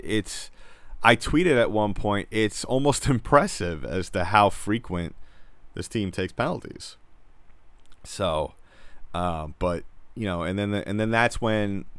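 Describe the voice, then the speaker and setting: A man giving a casual, rambling hockey recap as a frustrated fan, talking in quick restarts. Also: deep voice, fairly bright tone, clear, resonant tone, dry recording. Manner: rambling, exasperated, many restarts. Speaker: sports fan commentator. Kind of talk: casual sports recap commentary.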